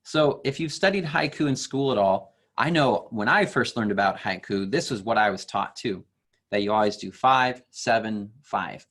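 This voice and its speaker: A young man teaching an online class for kids, explaining slowly and patiently with fillers. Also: on the low side, animated, fairly bright tone.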